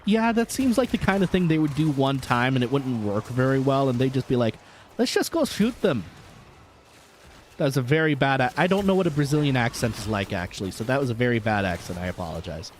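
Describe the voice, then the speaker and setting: Animated, joking male gaming streamer. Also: medium pitch, fast, few pauses, slight background noise. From United States. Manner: jokey, animated, chatting with viewers. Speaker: vtuber streamer. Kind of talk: casual live-stream chat while gaming.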